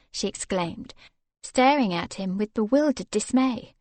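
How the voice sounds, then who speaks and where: A woman narrating an audiobook in a measured, expressive manner. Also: mid-range voice, no room sound. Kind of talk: scripted narration.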